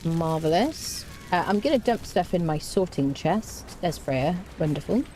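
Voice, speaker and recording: A woman's voice: lowish voice, lively intonation, unhurried, dark tone, faint music behind. A woman streaming a survival game, talking casually and mocking herself, humming between remarks. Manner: chatty and self-mocking, hums to herself. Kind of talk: casual gameplay commentary.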